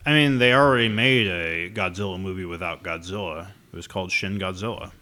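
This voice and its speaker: A man's voice: low voice, a little fast, very noisy. A man co-hosting a podcast in casual chat, hesitant and often trailing off with fillers. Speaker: podcast co-host.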